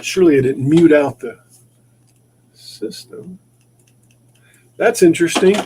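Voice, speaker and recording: A man's voice: a little high, unhurried, dark tone, slight background noise. A man hosting a casual livestream from his maker shop, rambling and often repeating and restarting his words. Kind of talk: casual livestream chat while working.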